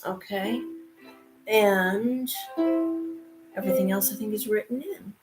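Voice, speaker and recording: A woman's voice: mid-range voice, slow pace, loud music behind the voice. A woman teaching ukulele on a live stream, chatting casually and encouraging the viewers as she talks them through a song. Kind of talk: casual instruction and sing-along.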